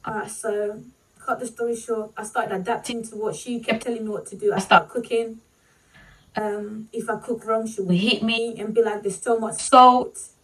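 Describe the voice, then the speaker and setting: Her tone level and her voice fairly high, a vlogger struggles against tears while recounting something painful from her life. The words come in fits and starts, padded with "like" and "you know," and she sits slightly distant from the microphone.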